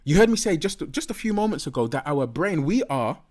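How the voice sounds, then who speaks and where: A middle-aged man presenting a health seminar in a lively, swooping voice that sits a little high for a man. He drives his points home by repeating key facts and stretching out the words he wants to land. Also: a little fast. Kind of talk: spoken health talk.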